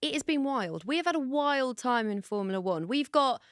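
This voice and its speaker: A woman's voice: high voice, animated, normal speed, dry recording, studio quality. A woman co-hosting a podcast in casual chat, bubbly and chatty. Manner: bubbly, chatty, laughs easily. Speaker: podcast co-host.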